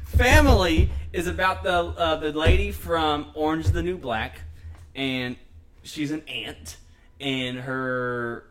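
Excitable, laughing man in an echoey room. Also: on the high side, slow pace, slight background noise. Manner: excitable, laughs often, swears freely, rambling retellings. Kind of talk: casual chat.

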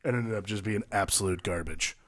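A man co-hosting a podcast, chatting casually about movies, animated and profane, exaggerating for laughs. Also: fairly low pitch, a little fast, no echo, clean studio sound. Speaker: podcast co-host.

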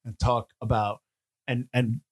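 A man co-hosting a casual movie podcast, a sarcastic and animated critic. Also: medium pitch, unhurried, dry recording. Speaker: podcast co-host.

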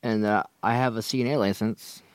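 A man answering podcast questions in a laid-back, halting way and leaning on fillers as he talks. His voice is very deep. The sound is close and dry, with no room around it. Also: steady tone, dry recording. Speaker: podcast guest. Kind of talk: casual chat.

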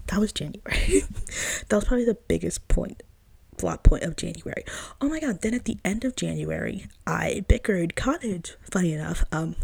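Young woman, slangy chatty storyteller, low husky voice with gravel, dry close sound. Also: mellow, dry recording. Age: young adult. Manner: chatty, slangy, full of "like" fillers, laughs at herself. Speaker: podcast host. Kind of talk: casual storytelling monologue.

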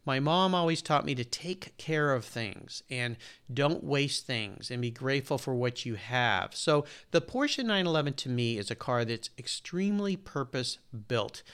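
A man's voice: mid-range voice, animated, normal speed, a bit bright, smooth. A man in his sixties, a podcast host being interviewed, talking earnestly and at length in a casual way. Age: 60s. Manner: earnest, detailed, talks at length.

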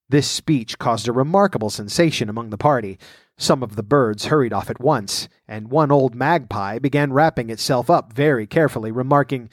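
A man's voice: mid-range voice, moderate pace, dry recording. Man reading a storybook aloud, dry close sound. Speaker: podcast storyteller.

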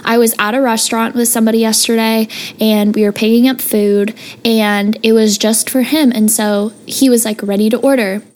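A young woman with a fairly high voice chats on a podcast. She tells anecdotes in a relaxed, talkative way and laughs easily. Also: normal speed. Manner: chatty storyteller, laughs easily. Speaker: podcast co-host. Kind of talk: casual conversational chat.

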